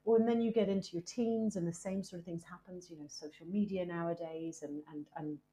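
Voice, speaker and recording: A woman speaking as a guest in a candid podcast conversation, lively and emphatic, with many "you know" fillers. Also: fairly low pitch, brisk. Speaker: guest, presenter and author.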